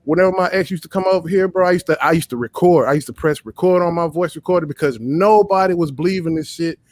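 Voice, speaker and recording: Live-stream host, male, heated and profane storyteller, slightly high voice. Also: quick pace, darkish tone. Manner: profane, emphatic, storytelling rants. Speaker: livestream host. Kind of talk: heated casual commentary.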